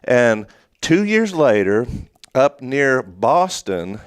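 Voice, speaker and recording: A man's voice: mid-range voice, sing-song, drawn-out words, clean tone, dry recording, clean studio sound. A man co-hosting a local morning show, telling a long story in a rambling, casual way with many restarts. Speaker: co-host. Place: small studio.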